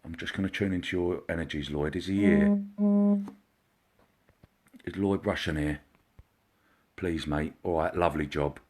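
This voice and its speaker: A man, a psychic medium, hosting a casual live stream, chatty and greeting viewers by name, sometimes dropping into a quiet murmur. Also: deep voice, steady tone, normal speed, long pauses. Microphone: computer or phone mic, live stream.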